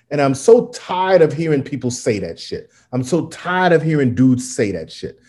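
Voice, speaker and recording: A man's voice: medium pitch, big pitch swings, moderate pace, hardly any pauses, a little mellow, husky. A man hosting a casual podcast chat, swearing freely and ranting with emphasis. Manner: profane, ranting. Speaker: podcast host.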